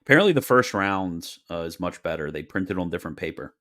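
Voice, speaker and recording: A man's voice: low-pitched, expressive, brisk, fairly bright tone. A man casually hosting a livestream Q&A, reading viewer questions with wry, joking asides and frequent laughter.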